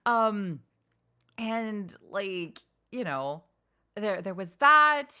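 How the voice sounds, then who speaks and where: A woman's voice: extremely slow, clean tone. A woman voice actor telling stories in a casual interview, full of "like" fillers and acting out the quotes she tells. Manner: animated, acts out quotes with big pitch jumps; frequent "like" and "you know" fillers. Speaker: voice actor guest.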